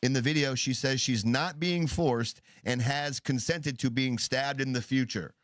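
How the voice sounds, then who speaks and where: A man reads odd news stories aloud in an easy, mid-pitched voice, then riffs on them. His talk is casual and loose, full of asides and jokes. He sounds like a podcast co-host chatting with a friend. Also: a little slow, fairly bright tone, slight background noise. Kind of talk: casual comedic news chat.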